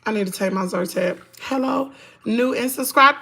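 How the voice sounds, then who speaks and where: A hoarse woman with a Southern US accent, chatting to viewers in her home kitchen on a phone livestream. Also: a little high, moderate pace, pushed and bright. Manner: chatty, talks straight to viewers, says y'all a lot. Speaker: livestream host. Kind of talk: casual livestream chat while cooking.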